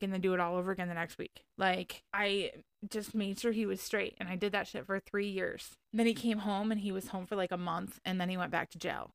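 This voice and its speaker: A woman's voice: fairly low pitch, clear, resonant tone, no room sound. A woman in her thirties candidly telling her viewers a personal story in a chatty, profane way. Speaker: vlogger.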